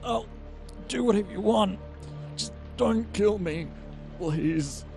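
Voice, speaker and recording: A man voicing a panicked middle-aged male executive who swears and begs for mercy in a frantic, high-pitched shout. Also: takes it slowly, creaky, faint music behind, heavily acted. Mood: terrified.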